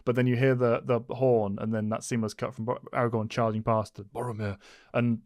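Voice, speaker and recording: A man's voice: medium pitch, little pitch movement, fairly quick, a little mellow, no room sound, studio quality. A man co-hosting a casual film discussion podcast, talking enthusiastically in long rambling runs with restarts. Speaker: podcast co-host.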